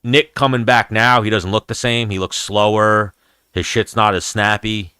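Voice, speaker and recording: A man in his thirties hosts a casual fight-talk livestream, chatting loosely and cursing often. His voice is slightly low, with a bright, forceful edge and a crisp, clear sound. The recording is dry and close. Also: level tone, normal speed, no room sound. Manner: rambling, profane, chatty. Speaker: host of an MMA livestream.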